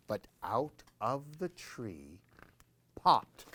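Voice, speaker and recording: A man reading a children's picture book aloud as a library storyteller, playing with sound words and dropping into hushed whispers. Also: mid-range voice, sing-song, takes it slowly, no room sound.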